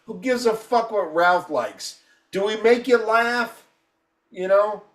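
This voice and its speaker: A high-voiced man about to turn fifty-one tears into a heated, foul-mouthed rant on a casual podcast. He sounds a little distant from the mic, and the room rings with a clear echo around him. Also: slow. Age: 50s. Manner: profane, combative, heated ranting. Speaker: podcast co-host.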